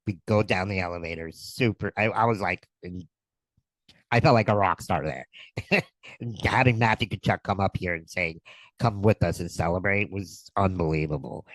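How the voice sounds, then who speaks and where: Casting: low-pitched man, guest, animated storyteller, dry close sound. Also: normal speed, dry recording, poor audio. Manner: excited, animated retelling with quoted dialogue. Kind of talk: casual storytelling.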